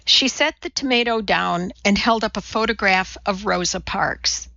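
A woman narrating a novel in a measured, dry manner. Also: mid-range voice, vocal fry, bright, forceful tone, no room sound, dull audio. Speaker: audiobook narrator. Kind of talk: audiobook narration.

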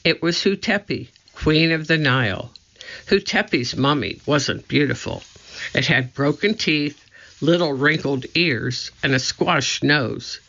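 A storybook narrator reads slowly and deliberately. The voice is bright and has a gravelly fry. The recording is muffled and lo-fi. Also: medium pitch. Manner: slow, deliberate reading. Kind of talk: storybook reading.

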